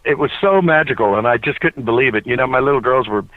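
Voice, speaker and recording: A man being interviewed, telling a lively story with plenty of fillers and restarts. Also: medium pitch, fast. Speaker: interview guest. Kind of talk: casual anecdote. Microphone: cell phone. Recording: tinny cell phone recording, dry.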